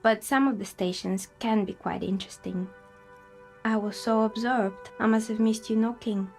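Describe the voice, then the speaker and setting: A woman voicing a polite, soft-spoken female dice maker in a video game, calm and friendly. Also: on the high side, moderate pace, faint music behind, close to an everyday voice.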